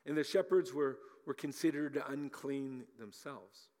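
A man preaching a sermon as a pastor, animated, often repeating words as he talks and acting out little scenes. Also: mid-range voice, measured pace, long reverb tail.

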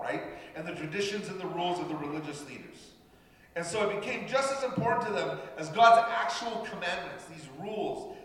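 A Canadian pastor preaches conversationally, addressing his congregation directly in an echoey hall with long reverb. His voice is a little high, pushed and bright.

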